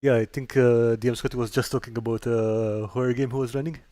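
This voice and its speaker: A man's voice: mid-range voice, level tone, fast, dark tone, no echo. Hesitant male livestream host, dry sound. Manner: hesitant, restarting, reads chat aloud. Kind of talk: casual livestream chat.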